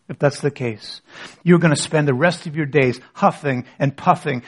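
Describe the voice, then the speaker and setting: A man's voice: a little high, slightly rough. A man preaching a sermon as pastor, asking rhetorical questions and leading the congregation in reading scripture aloud.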